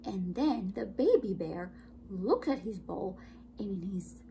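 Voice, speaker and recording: Expressive woman teacher reading a children's story. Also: medium pitch, gravelly, slight background noise, low-quality recording. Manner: expressive, drawn-out storytelling with hushed asides. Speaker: preschool teacher.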